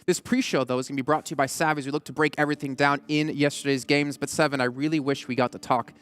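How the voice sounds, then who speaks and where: A man hosting an esports broadcast desk, with an energetic, upbeat hype delivery. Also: a little high, quick pace, clean tone, no room sound.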